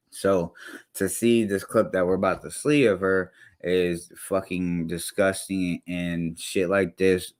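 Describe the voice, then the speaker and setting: A man's voice: deep voice, a bit bright. A young man ranting in a heated, blunt way with heavy slang, reacting to a clip as a streamer. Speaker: commentary streamer. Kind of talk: profane reaction rant.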